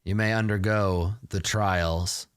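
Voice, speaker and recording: A man voicing a stern male elf priest who hands down judgments in formal, grave tones, with a slightly lowered, crisp voice in a tabletop role-play. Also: steady tone, slow, no room sound, clean studio sound. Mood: solemn.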